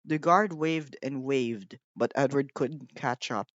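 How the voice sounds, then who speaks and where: A man reading a children's storybook aloud, slow and measured. His voice sits at a middling pitch and keeps an even, gentle delivery. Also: dull audio, heavy background noise. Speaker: audiobook reader. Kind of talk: storybook narration.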